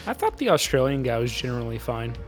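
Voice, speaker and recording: A man's voice: medium pitch, sing-song, quick pace, soft background music. A man co-hosting a podcast, chatting in a laid-back, dry way with swearing and hesitant fillers. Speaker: podcast co-host. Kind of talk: casual movie review chat.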